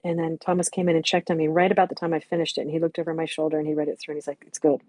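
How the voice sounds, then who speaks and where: A woman's voice: deep voice, flat delivery, racing, a little mellow, dry recording. A woman in her sixties reminiscing candidly and reflectively, speaking frankly and swearing bluntly at times. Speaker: memorial stream guest.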